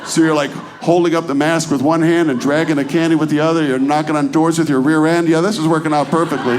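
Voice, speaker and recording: Man, stand-up comedian, chatty, quizzes the crowd, slightly high voice, faint hiss. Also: fairly even intonation, fast talker, hardly any pauses. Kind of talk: stand-up routine. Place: comedy club stage.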